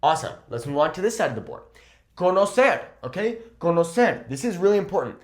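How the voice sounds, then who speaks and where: A man's voice: sits high, sing-song, fast talker. A man teaching a Spanish grammar lesson at a whiteboard, upbeat and emphatic, checking in with "okay?" after almost every point.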